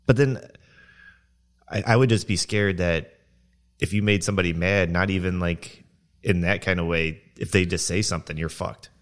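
A man with a notably low, deep voice, chatting casually on a podcast. He talks bluntly and swears freely, halting and restarting as he tells rough stories from his construction work. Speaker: podcast co-host; construction worker. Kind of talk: casual chat.

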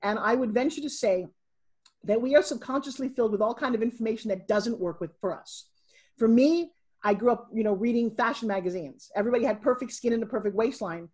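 A middle-aged woman with a slightly husky, somewhat high voice chats as a podcast guest. She tells stories with energy and acts out what people said along the way. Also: fairly quick. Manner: animated storyteller, acting out quotes. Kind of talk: casual interview.

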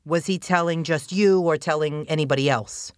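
A woman prosecutor questioning a witness in court, with measured, probing questions. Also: low voice, no echo, clean studio sound.

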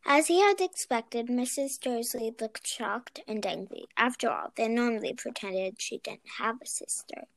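Slow-reading woman narrator. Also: a little high, vocal fry, dry recording. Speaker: reader. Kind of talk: reading a storybook aloud.

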